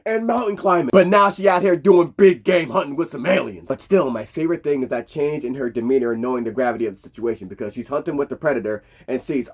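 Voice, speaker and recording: A man giving a casual, profane, slangy recap of a movie scene, animated as he tells it. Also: medium pitch, fast talker, few pauses. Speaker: film commentator.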